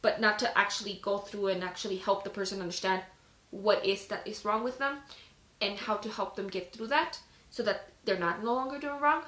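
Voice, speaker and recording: A woman hosts a casual Bible reading on a live stream, her bright voice carrying in a roomy, echoing space. She stops between passages to talk them over in a loose, chatty way, leaning on "like", and sounds out of breath. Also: medium pitch, fairly quick. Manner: chatty, lots of "like" fillers. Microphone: phone on a live stream.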